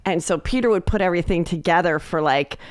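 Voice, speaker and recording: A woman comedian chatting as a guest on a podcast, telling animated stories and acting out quotes. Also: lowish voice, fast talker, dry recording, studio quality. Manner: animated storyteller, acts out quotes. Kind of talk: casual podcast chat.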